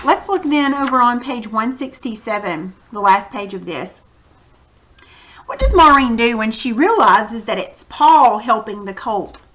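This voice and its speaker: The recording is very noisy, with a woman's fairly high voice coming through a computer mic during a children's reading lesson. She's animated and performs the quoted lines.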